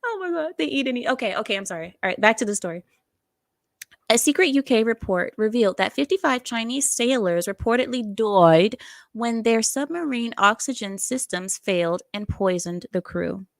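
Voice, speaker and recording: A woman's voice: a little high, normal speed, dry recording. A woman hosting a casual news commentary chat, sarcastic and digressive, often laughing at her own asides. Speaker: online commentary host.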